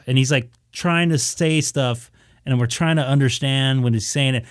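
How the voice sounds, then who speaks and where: A man's voice: medium pitch, a little fast, no echo. A man on a ham radio live stream, casually telling a story and acting out his own reactions. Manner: animated, acts out his own reactions, many restarts.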